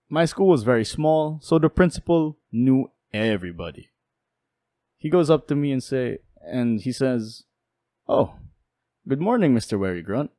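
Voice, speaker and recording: A man's voice: mid-range voice, no echo. Young man telling a jokey story. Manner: lively, jokey, with quick asides. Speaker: storytelling YouTuber. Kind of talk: casual storytelling.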